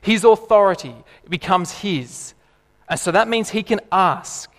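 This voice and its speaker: A man, preaching a sermon in an animated, emphatic way. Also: high-pitched, unhurried, long reverb tail. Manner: animated, emphatic, laughs and acts out voices.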